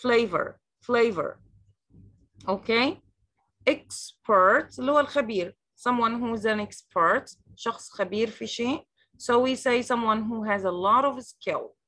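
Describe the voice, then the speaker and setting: An Egyptian-accented woman teaches English vocabulary online, her voice set a little high. She says each word slowly several times, then explains it in Arabic, all heard through a video call. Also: a bit bright. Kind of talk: online language lesson.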